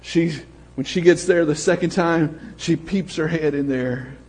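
A pastor with a high, husky voice preaches in a church sanctuary. His delivery swings from shouted exclamations to hushed storytelling. The sound has a long hall reverb trailing behind every phrase. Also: unhurried. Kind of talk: sermon.

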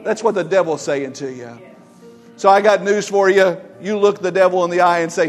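Pastor guy preaching hard, bit high voice, soft music underneath. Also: moderate pace. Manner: emphatic, exhorting, repetitive. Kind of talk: sermon.

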